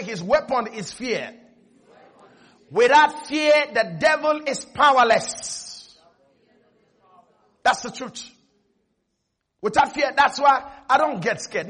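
A male pastor preaching a lively sermon, often shouting and breaking into laughter. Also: extremely high pitch, breathy edge. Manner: animated, shouting, laughing at his own points.

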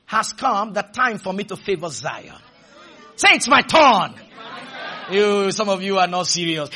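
High-voiced shouting preacher man. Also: sing-song, normal speed, pauses often, a faint crowd. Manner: call-and-response, shouting refrains, shifting to quiet humorous storytelling. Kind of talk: sermon.

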